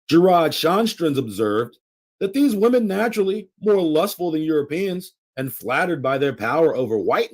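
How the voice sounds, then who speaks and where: A man hosting a channel, reading a history book aloud with commentary and putting emphatic stress on quotations. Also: medium pitch. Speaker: channel host.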